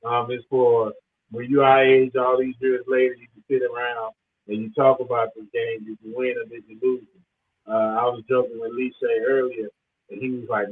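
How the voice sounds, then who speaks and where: A man's voice: medium pitch, flat delivery, normal speed. A man, a former player, telling rambling stories from the past in an easygoing, casual way. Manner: laid-back, rambling reminiscence. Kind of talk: casual storytelling. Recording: tinny phone line with faint noise.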